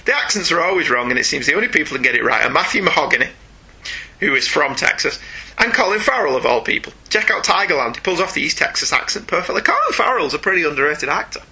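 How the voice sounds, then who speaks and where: A man's voice: fairly high pitch, big pitch swings, fast, sharp tone, husky, low-quality recording. A man co-hosting a casual chat show, reading listener mail aloud with a playful, laughing manner. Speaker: podcast co-host reading listener email.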